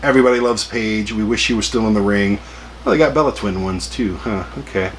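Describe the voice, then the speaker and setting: Chatty low-voiced man in his forties. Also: brisk, slight background noise. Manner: chatty, jokey, self-deprecating. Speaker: collector vlogger. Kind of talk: casual rambling vlog.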